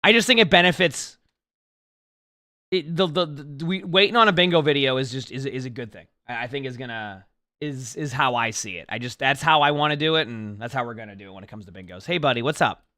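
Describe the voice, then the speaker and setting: A man's voice: medium pitch, brisk, pushed and bright. A young man streaming, chatting casually with viewers in a rambling way full of restarts. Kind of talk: casual livestream chat.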